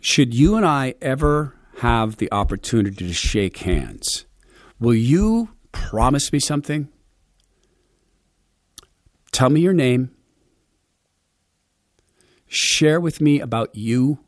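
A middle-aged man hosting a radio show, telling a personal story to his listeners in an earnest, heartfelt, conversational way with quick restarts. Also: medium pitch, animated, no echo, clean studio sound. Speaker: radio and podcast host.

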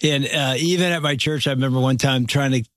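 A man's voice: mid-range voice, steady tone, quick pace, fairly bright tone, no echo, clean studio sound. A male host in a casual interview, chatty and acting out little scenes.

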